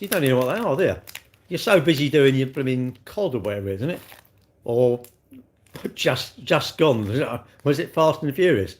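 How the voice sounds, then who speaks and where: A man's voice: mid-range voice, animated, fairly quick. An older man, chatting casually on a live stream, blunt and teasing as he answers comments. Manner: blunt, teasing banter with chat. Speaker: livestreamer.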